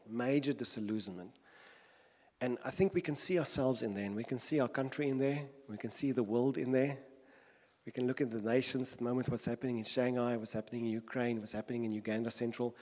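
A man's voice: medium pitch, darkish tone. A man delivers an earnest sermon in a mid-range voice and builds his points through repetition and rhetorical questions. His voice rings with a long reverb, like a large church hall. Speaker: preacher.

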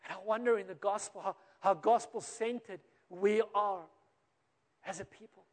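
A man with a South African accent preaching a sermon, telling a story and acting out the quoted voices, rising and then dropping to a quiet close. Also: high voice, fairly even intonation, moderate pace. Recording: long reverb of a large hall.

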